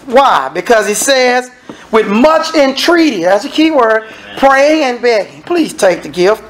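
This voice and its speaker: A man preaching a sermon as minister, acting out dialogue and sometimes shouting. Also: extremely high pitch, animated, a little slow, a little hiss or hum.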